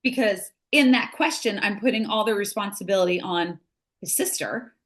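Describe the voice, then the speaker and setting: A middle-aged American woman talking in an easy, conversational way, earnest and patient as she works through an idea. She speaks at an ordinary pitch and often acts out small examples to make her point land. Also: moderate pace, a bit bright. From United States. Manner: earnest, explains with acted-out examples. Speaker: grief recovery specialist. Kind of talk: casual podcast conversation.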